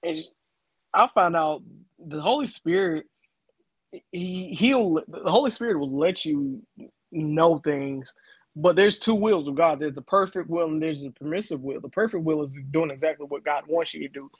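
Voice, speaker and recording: A man's voice: a little high, moderate pace, breathy edge, no echo. A middle-aged man co-hosting a casual faith talk, explaining with personal stories and everyday examples. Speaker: co-host.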